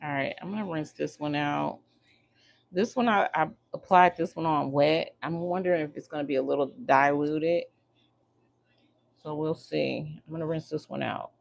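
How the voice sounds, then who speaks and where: A woman's voice: sits low, steady tone, normal speed, gravelly, a little hiss or hum. A woman hosting a casual livestream, chatting and teasing her viewers while she works on her hair. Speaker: livestream host.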